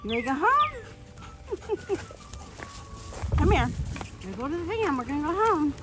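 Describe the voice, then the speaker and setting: A woman vlogging with her dogs on a phone, giggling and cooing to them in high baby talk. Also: sing-song, moderate pace, very noisy. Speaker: dog owner vlogger. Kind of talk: casual vlog chat.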